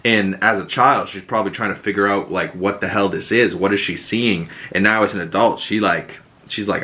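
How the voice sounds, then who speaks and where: Man, podcast host, casual recap, excitable, rambling, swears, bright tense voice. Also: deep voice, moderate pace, few pauses.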